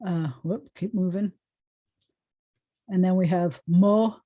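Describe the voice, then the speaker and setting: A woman rabbi leads an online Hebrew class in a patient, explanatory way. She sounds out syllables slowly and clearly for her students. Her voice comes through a video call. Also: lowish voice, steady tone, dark tone, highs cut off.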